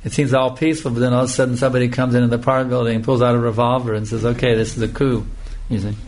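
A man giving a scripture lecture as a spiritual teacher, speaking slowly and emphatically and repeating phrases for emphasis. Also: medium pitch, flat delivery, a little mellow.

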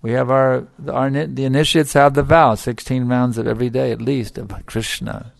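Gravelly man giving an emphatic devotional talk. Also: mid-range voice, flat delivery, normal speed, dry recording, clean studio sound. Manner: emphatic, repeats phrases for stress. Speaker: spiritual teacher. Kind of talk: devotional lecture.

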